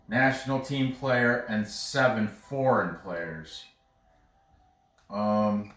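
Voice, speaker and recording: Man, slow unhurried talker, thinks out loud, trips over names, roomy sound, sits back from the mic. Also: medium pitch, recorded from a distance. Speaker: sports betting analyst. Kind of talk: casual unscripted breakdown.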